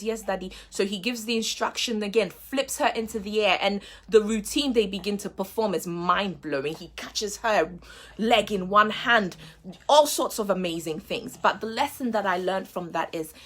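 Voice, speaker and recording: A woman's voice: medium pitch, a bit bright. A woman hosting a faith-based motivational show, speaking earnestly and repeating key phrases for emphasis.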